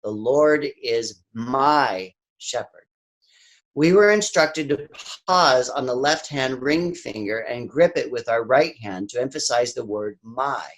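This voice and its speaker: A man leads a spiritual reading with a calm, reflective delivery. His voice sits at an ordinary middle pitch, and he takes his time over each phrase. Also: a little slow. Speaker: service reader.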